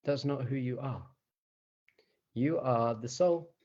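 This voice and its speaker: A man, a rabbi, teaching meditation in a conversational, animated way, often chuckling and asking the listeners rhetorical questions. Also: medium pitch, takes it slowly, dull audio.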